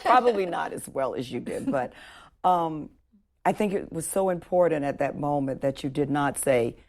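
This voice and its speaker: A woman interviewing a guest in a relaxed conversation, often chiming in with agreement and short affirmations. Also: low-pitched, moderate pace.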